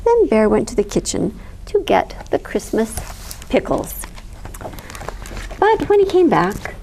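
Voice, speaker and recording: A woman reading a picture book aloud as a library storyteller, lively and expressive with soft giggles. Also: on the high side, takes it slowly, vocal fry, long pauses, a little hiss or hum, low-quality recording.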